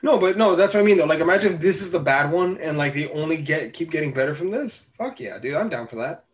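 Male podcast co-host, slightly high voice, profane and animated banter. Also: fast, crowd noise. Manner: animated, swears a lot, loose and chatty. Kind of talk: casual movie review chat.

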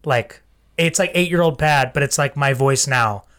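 A man's voice: mid-range voice, normal speed, a bit bright, smooth. A man co-hosting a podcast, telling rambling stories full of fillers. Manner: rambling storytelling with many fillers. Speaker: podcast co-host. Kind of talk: casual chat.

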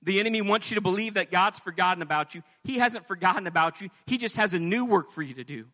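A man's voice: high-pitched, fast, pushed and bright. A man preaching a sermon with impassioned delivery, rising into pleading as he voices scripture. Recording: long hall reverb.

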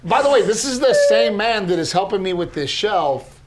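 A middle-aged man co-hosting a podcast, telling funny stories in a casual, animated way and acting out other people's lines. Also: high voice, moderate pace, very noisy. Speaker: podcast co-host. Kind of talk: casual storytelling chat.

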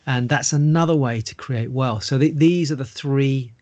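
A man's voice: medium pitch, moderate pace, a little mellow. A middle-aged man, explaining investing and property in a casual podcast conversation, running through long lists. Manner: explanatory, long listing run-ons.

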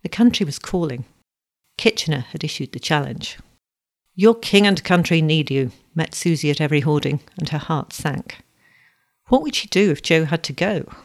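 A woman narrating a storybook in a steady, expressive reading voice. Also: deep voice, normal speed, gravelly.

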